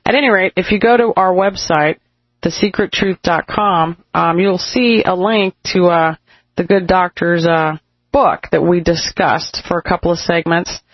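A woman co-hosting a radio talk show, rambling and halting with many fillers. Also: on the low side, fairly even intonation, no room sound. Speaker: radio co-host. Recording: muffled lo-fi radio sound.

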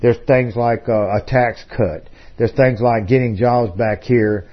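A man's voice: medium pitch, steady tone, unhurried, muffled recording. A man hosting a talk radio program, telling a long story in a discursive way with frequent fillers and restarts. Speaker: radio host.

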